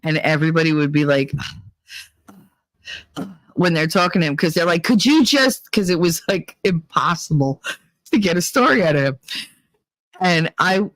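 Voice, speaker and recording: A low-pitched woman hosts a podcast at normal speed with long pauses, and there is no room sound. Her casual storytelling is chatty and animated, with free swearing, laughter, and squealed acted-out quotes.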